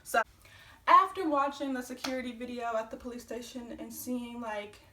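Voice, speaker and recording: A young woman telling a personal story on her vlog, animated and profane, acting out the quotes. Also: fairly high pitch, moderate pace, reverberant, recorded from a distance, background noise. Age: young adult. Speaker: vlogger.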